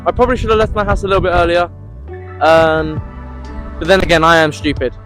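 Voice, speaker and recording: A man's voice: fairly high pitch, quick pace, a bit bright. Give me a jittery young man vlogging at night outdoors. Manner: jokey, self-mocking, nervous chatter. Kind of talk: walking vlog talking to camera. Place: outdoors at night in woods and fields, walking. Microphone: handheld phone camera. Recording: background music over outdoor phone audio.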